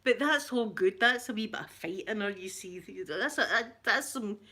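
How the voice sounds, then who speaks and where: A middle-aged woman with a Scottish accent, hosting a casual live chat, chatty and quick to laugh, often repeating herself. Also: mid-range voice, lively intonation, sharp tone. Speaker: livestream host.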